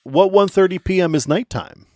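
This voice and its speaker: A man co-hosting a sports talk show, joking and sarcastic in quick casual banter. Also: high-pitched, a little mellow, dry recording, clean studio sound.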